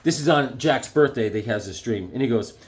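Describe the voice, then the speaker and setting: Excitable man with a lively, bouncing voice. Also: mid-range voice, fairly quick. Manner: excitable, jumps into silly voices. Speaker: comic book reviewer. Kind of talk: casual comic book review.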